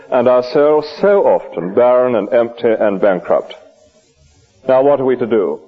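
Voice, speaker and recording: Lively preacher, husky, on a lo-fi recording. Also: male voice, mid-range voice. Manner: lively, questioning preaching with rhetorical asides. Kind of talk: sermon. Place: church at a lunch hour service. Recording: dull lo-fi old recording.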